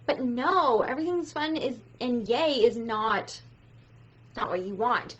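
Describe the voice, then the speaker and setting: High, animated woman coach. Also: a little slow, husky, dull audio. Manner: animated, swears freely, acts out quotes. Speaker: business coach. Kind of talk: casual motivational talk.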